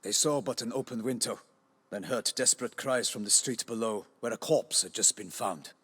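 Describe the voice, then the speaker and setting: Rich: a duty-bound knight from a video game, delivering formal, archaic speech in measured phrases. His tone is bright and husky, trailed by a long reverb. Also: mid-range voice. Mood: solemn.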